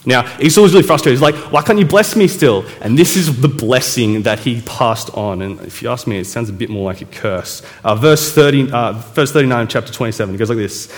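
A man's voice: medium pitch, a little fast, few pauses, soft background music. A man preaching a casual sermon, retelling a Bible story in a chatty way and correcting himself as he goes. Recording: echoey hall reverb.

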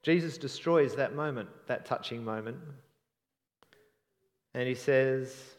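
A man preaching a sermon in an earnest, reflective way, often trailing off softly at the ends of phrases. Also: medium pitch, slow, pauses often, in a large hall.

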